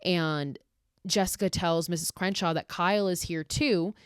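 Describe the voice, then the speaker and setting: This is a woman telling a horror movie's plot on her podcast in a loose, chatty way, heavy on the swearing and snark. Her voice sits a little low for a woman. The sound is dry and close, with no room around it. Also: steady tone, unhurried, clear, resonant tone, no echo. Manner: profane, sarcastic, gossipy retelling. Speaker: podcast host. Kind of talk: casual movie recap.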